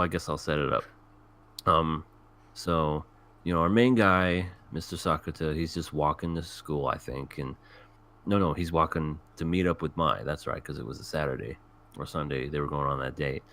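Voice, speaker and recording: A man hosting a casual anime review podcast, retelling scenes with lively put-on voices. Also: a bass voice, normal speed. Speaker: podcast host.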